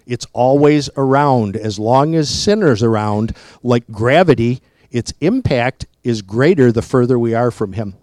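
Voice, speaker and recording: A man preaching a sermon in a deliberate, emphatic way, often asking rhetorical questions. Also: medium pitch, darkish tone, no echo.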